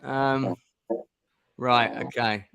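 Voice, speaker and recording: A man's voice: medium pitch, fairly even intonation, extremely slow, vocal fry, a bit bright, smooth, no room sound, highs cut off. A middle-aged man hosting a gamebook stream, chatting casually with lots of ums and restarts. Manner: rambling, many ums and restarts. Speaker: stream host playing a gamebook. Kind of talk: casual chat.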